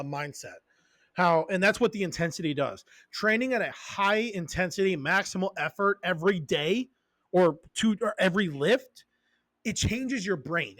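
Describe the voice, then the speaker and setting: A man's voice: sits high, dry recording, studio quality. A man hosting a podcast as a strength coach, ranting in a casual, profane, fired-up way with many tangents and punchy repeated phrases. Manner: emphatic repeated short phrases.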